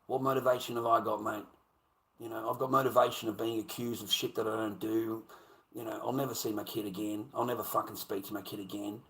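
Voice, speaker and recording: A man's voice: lowish voice, flat delivery, fairly quick, fairly bright tone, poor audio. A middle-aged Australian man talking on his livestream, swearing a lot and rambling with many repeats. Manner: profane, rambling, repeats himself. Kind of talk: casual livestream rant.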